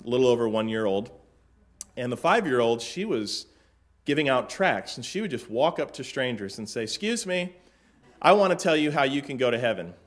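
A middle-aged man from Florida, a pastor telling a relaxed story from the pulpit with dry humor and lots of fillers. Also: mid-range voice. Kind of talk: casual sermon-opening story.

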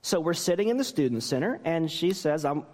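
A man's voice: fairly high pitch, big pitch swings, brisk, darkish tone, in a large hall. A man, a pastor, preaching a sermon and telling stories with self-deprecating humor.

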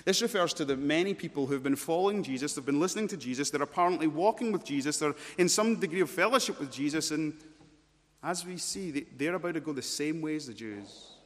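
A man's voice: on the high side, expressive, quick pace. Emphatic male preacher in reverberant hall. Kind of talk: sermon. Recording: long church-hall reverb.

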